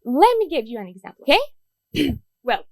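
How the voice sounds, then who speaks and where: A woman's voice: sits high, sing-song, normal speed, vocal fry, no echo, rough recording. A young woman from Morocco giving an earnest debate speech, using rhetorical questions. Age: young adult. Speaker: student debater.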